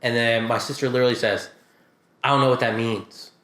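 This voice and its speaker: A man co-hosting a casual podcast, telling stories with lively, animated delivery. When he quotes people, his voice leaps up and down in pitch. The recording sounds roomy and echoey. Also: brisk. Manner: animated storytelling, acts out quotes with big pitch jumps. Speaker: podcast co-host. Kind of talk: casual chat.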